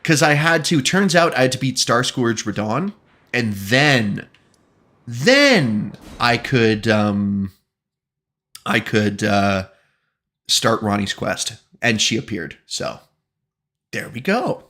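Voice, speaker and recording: A man's voice: mid-range voice, expressive, slow, pauses often, bright, forceful tone. A man streaming a video game, chatting casually and joking with his viewers, often breaking into laughter. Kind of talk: casual gaming commentary.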